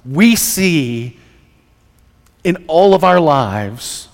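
Animated man preaching in an echoing hall. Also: fairly high pitch, very slow. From United States. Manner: conversational, joking asides. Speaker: pastor. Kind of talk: sermon. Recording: reverberant church hall.

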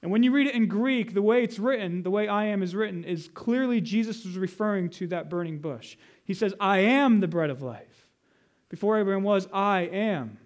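Male pastor, higher register, emphatic teaching sermon, slows for scripture lines. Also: a little mellow.

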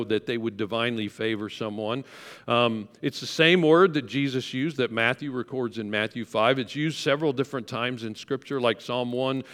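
A man's voice: medium pitch, a bit bright. Pastor guy giving a chatty sermon, gets the crowd to repeat stuff, big echoey church. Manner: conversational, coaxing the congregation to repeat words. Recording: long hall reverb.

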